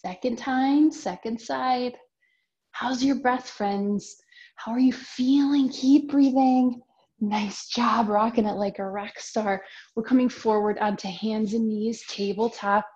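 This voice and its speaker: A young woman teaching yoga to children, giving slow, encouraging cues in a sing-song way and now and then making animal sounds. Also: on the high side, steady tone, darkish tone. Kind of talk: guiding a children's yoga class. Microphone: camera mic. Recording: dull lo-fi home video sound.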